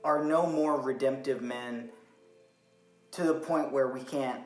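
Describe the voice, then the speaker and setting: A young man co-hosting a casual podcast, retelling a story with animated energy, acting out the lines he quotes and swearing now and then. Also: mid-range voice, slow pace. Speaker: podcast co-host. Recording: echoey room with faint music.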